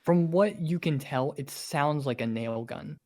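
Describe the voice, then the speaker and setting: Game master, casual narration, relaxed delivery, tabletop play. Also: medium pitch, measured pace.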